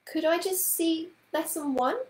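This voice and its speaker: A woman's voice: extremely high pitch, measured pace, echoey room, pitched above the performer's own voice. A woman voicing Carrie, a curious, polite young girl with an eager, timid way of asking, in a read-aloud story.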